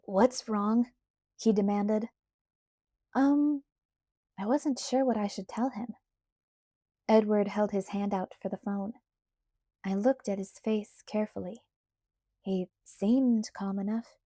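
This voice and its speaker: Slow, mellow woman reading aloud. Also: medium pitch, steady tone, no room sound, clean studio sound. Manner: unhurried first-person storytelling. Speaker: audiobook narrator. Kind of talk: scripted narration.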